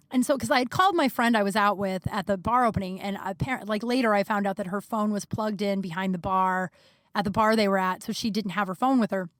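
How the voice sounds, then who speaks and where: A woman's voice: mid-range voice, brisk, a bit bright, no room sound, clean studio sound. A woman hosting a podcast who tells a personal story in a candid, casual way, swearing freely and saying "like" often. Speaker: podcast host.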